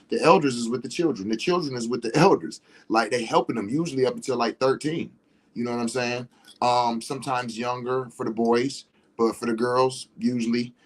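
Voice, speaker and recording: A man talking casually on his livestream, rambling and repeating "you know what I'm saying" as he explains his views. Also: mid-range voice. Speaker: livestream host.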